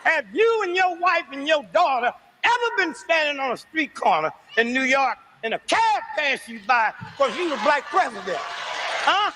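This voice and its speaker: Fervent high-voiced man preaching to a crowd. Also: very animated, moderate pace, noisy background. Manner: fervent, rhetorical, repeats lines with call-and-response. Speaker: speaker addressing a responsive audience. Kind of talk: impassioned preaching-style speech.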